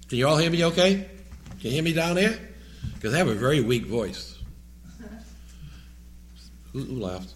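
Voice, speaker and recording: A man's voice: on the high side, big pitch swings, moderate pace, long pauses, slight background noise. A man from New England with a New England accent, preaching as a lay preacher in a church. He reads scripture, then talks in a loose, rambling way with joking asides. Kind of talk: sermon with scripture reading.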